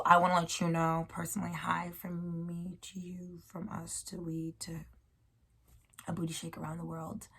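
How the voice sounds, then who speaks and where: A woman with a low-set, gravelly voice talks through a casual solo video about spirituality. She wanders off topic and laughs at herself, mixing slang with warm encouragement for her listeners. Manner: rambling, playful, warmly encouraging, slangy. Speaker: host.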